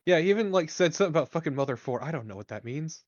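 A man's voice: fairly high pitch, animated, rapid-fire, pitched above the performer's own voice, close to an everyday voice. A man voicing a flippant, sarcastic adventurer in a tabletop role-play game, swearing offhandedly. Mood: dismissive. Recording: dull, dry lo-fi mic.

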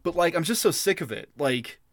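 A man's voice: fairly high pitch, expressive, brisk, dry recording, studio quality. A man co-hosting a casual podcast, ranting with a lot of profanity and getting worked up. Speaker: podcast co-host.

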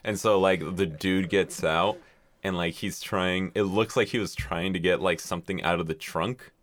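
A man's voice: low voice, steady tone, normal speed, fairly bright tone. A man co-hosting a casual podcast, telling a profane, laugh-filled story among friends. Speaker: podcast co-host.

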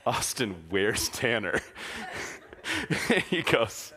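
A young adult man speaking as a youth pastor, telling a story to students in an animated, casual way, full of "like" and laughing as he talks. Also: mid-range voice, slow pace, husky. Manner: animated, filler-heavy, laughing through the telling.

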